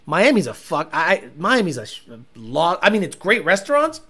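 A man's voice: high voice, wildly swooping pitch, normal speed, bright, forceful tone, breathy edge. A man hosting a casual livestream, reading chat and rambling with frequent swearing and laughter. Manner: rambling, profane, laughing often.

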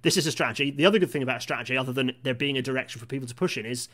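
A man talks quickly through a live-streamed podcast monologue. He is chatty and self-deprecating, often breaking off into apologetic asides. His voice sits at a mid pitch. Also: fairly bright tone. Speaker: podcast host.

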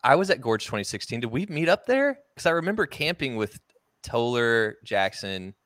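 A man's voice: mid-range voice, very animated, moderate pace, fairly bright tone, no echo, studio quality. A man hosting a casual chat, easygoing and enthusiastic as he listens and tells his own stories.

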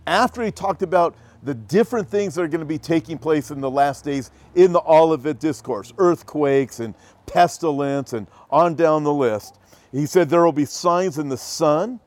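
A man with a slightly higher voice than most, emphatic and earnest, who reads headlines out slowly before commenting on them. The sound is close and dry, with no room around it. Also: darkish tone, no echo. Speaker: preacher commenting on news. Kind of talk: talk show commentary with scripture.

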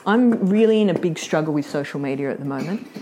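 A chatty, middle-aged woman teaches a live workshop in a fairly low voice. She laughs easily and slips into acted-out quotes as she explains. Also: animated, fast talker, dark tone, a little hiss or hum. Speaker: workshop presenter.

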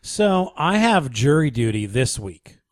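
A man co-hosting a radio show, chatty and quick to tease. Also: medium pitch, sing-song, no echo, clean studio sound. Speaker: radio host. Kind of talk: casual radio banter.

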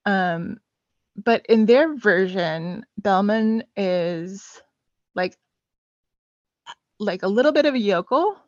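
Slow, halting woman in casual chat. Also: mid-range voice, expressive, no room sound. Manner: hesitant, many filler sounds. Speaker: podcast guest. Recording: dull lo-fi dry sound.

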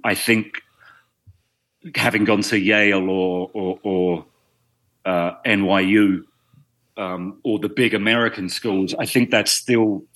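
A man's voice: lowish voice, a bit bright. A British man, a guest actor, chatting casually in a podcast interview and telling dry, self-deprecating stories. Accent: British English. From Britain.

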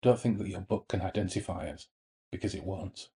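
A man reading aloud from a horror novel, voicing a sinister ancient male demon in a throaty, low, quiet and menacing way. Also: brisk.

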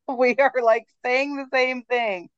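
A woman's voice: high voice, takes it slowly, smooth, no room sound. A woman in a casual podcast chat, making her point in an easygoing way and laughing along. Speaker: podcast co-host. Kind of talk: casual conversation. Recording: dry muffled lo-fi audio.

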